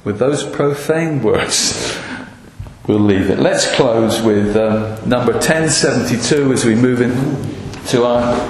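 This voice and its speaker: A man's voice: mid-range voice, slow, slight background noise. Man preaching in an echoey hall. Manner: earnest, with frequent ums and restarts. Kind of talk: sermon. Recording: echoey hall with long reverb.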